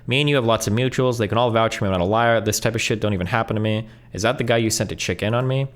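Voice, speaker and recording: A male streamer reading messages aloud quickly, breaking in with blunt asides and swearing. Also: on the low side. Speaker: streamer reacting to online posts.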